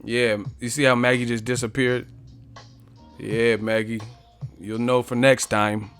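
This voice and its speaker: A man's voice: medium pitch, little pitch movement, a little slow, a bit bright, clean tone, soft background music. A man hosting a boxing live stream in a casual, profane, joking way, reading viewer comments aloud and trash-talking back at them.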